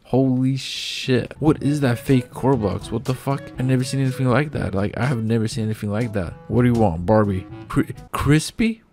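A man narrates his own gameplay in a loose, excitable way, often swearing and stumbling as he repeats himself. His voice sits at a middling pitch with a warm, dark tone. Faint music plays underneath. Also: a little fast, hardly any pauses. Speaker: gaming YouTuber. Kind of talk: live gameplay commentary.

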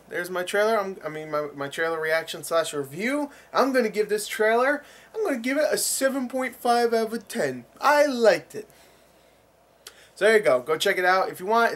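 A man chats casually through his reaction to a game trailer. He rambles, swears and laughs easily, in a slightly high voice. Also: a bit bright. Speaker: YouTube trailer reviewer.

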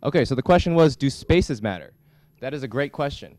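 A young man giving a classroom lecture as a student instructor, talking in a halting way with many restarts. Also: medium pitch, expressive, darkish tone, dry recording. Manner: halting, frequent restarts and fillers. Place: lecture hall.

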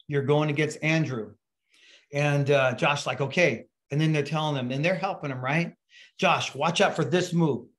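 Middle-aged man, pastor; relaxed sermon delivery, chatty and anecdotal, voice sits a bit high. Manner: casual, storytelling with fillers and restarts. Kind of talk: conversational sermon.

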